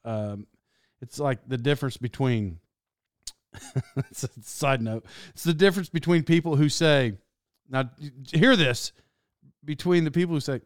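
A man in his thirties telling rambling, animated stories in a casual monologue as a podcast host. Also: mid-range voice, measured pace, long pauses, no room sound, clean studio sound. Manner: rambling, animated storytelling with laughs.

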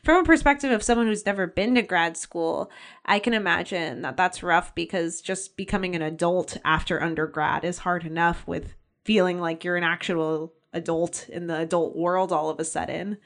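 A woman in her twenties co-hosting a podcast, playful and quick to laugh in casual chat. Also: fairly low pitch, fairly bright tone. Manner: playful, laughs easily, chatty asides. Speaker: podcast co-host.

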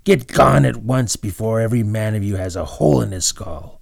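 A man's voice: lowish voice, a little fast, creaky, no room sound, studio quality. A man voicing a thundering stern innkeeper. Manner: thundering, commanding.

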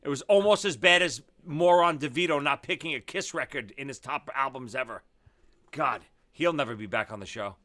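A man's voice: mid-range voice, fairly quick, sharp tone. A man co-hosting a casual talk show, blunt and opinionated, often restarting his sentences. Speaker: podcast co-host. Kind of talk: casual chat.

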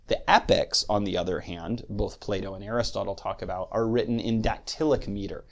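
Man, podcast host, low and gravelly; measured lecture delivery. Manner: thoughtful, measured, taps out meter aloud. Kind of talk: lecture-style podcast talk.

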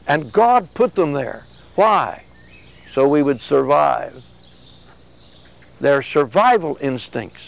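A man with a notably high-pitched voice delivers a sermon. He keeps it conversational and explains his points plainly, sometimes acting out little dialogues. His tone stays relaxed and unforced throughout. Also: takes it slowly, gravelly, pauses often, rough recording. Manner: conversational preaching with acted-out exchanges. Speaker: religious speaker.

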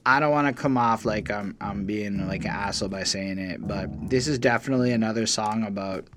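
A man's voice: lowish voice, brisk, background noise. A man co-hosting an album review, casual and blunt, swearing freely. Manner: blunt, profane, animated.

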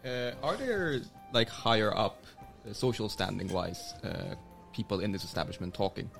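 A man's voice: lowish voice, moderate pace, creaky, soft background music. A man playing in a tabletop role-playing game, asking the game master careful questions. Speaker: player. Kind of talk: casual tabletop game chat.

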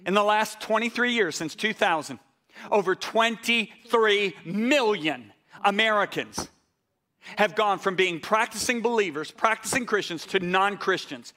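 High, bright-voiced pastor telling a story. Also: male voice, measured pace. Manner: animated, swings from excited outbursts to hushed tones; repeats words and restarts when worked up. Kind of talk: sermon storytelling.

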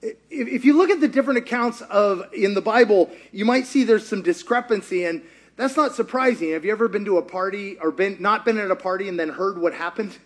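High-voiced animated male preacher. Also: fairly quick. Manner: animated, acts out quotes, laughs often. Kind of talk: sermon retelling a story.

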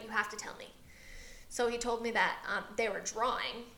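A woman's voice: on the high side, fairly even intonation, fairly quick, pushed and bright, echoey room. A woman co-hosting a casual podcast, rambling through a long story about her son and acting out his lines. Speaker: podcast co-host. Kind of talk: casual chat.

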